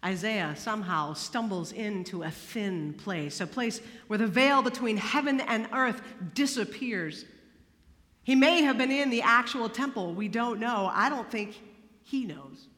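Bright-voiced woman preaching in an echoing hall. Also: a little high, unhurried. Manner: expressive, swings from hushed to emphatic. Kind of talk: sermon. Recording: long hall reverb.

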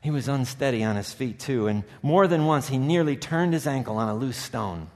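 A man preaching a sermon, praying softly and reading a story aloud, rising to urgent, emphatic peaks. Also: mid-range voice, lively intonation, moderate pace. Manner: soft hushed prayer voice. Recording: long hall reverb.

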